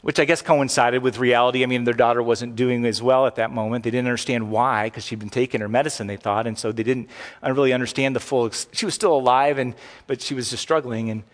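A man's voice: mid-range voice, fairly even intonation, fast talker. A middle-aged man preaching a sermon as pastor, talking conversationally with frequent asides and restarts. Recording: long hall reverb.

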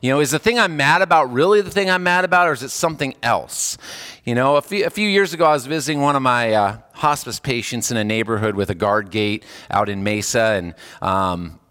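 A man's voice: fairly quick, a bit bright, clear, resonant tone, in a large hall. A man, a hospice chaplain, giving a casual, conversational sermon and acting out the people he quotes. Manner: conversational, acts out quoted voices with jumps in pitch.

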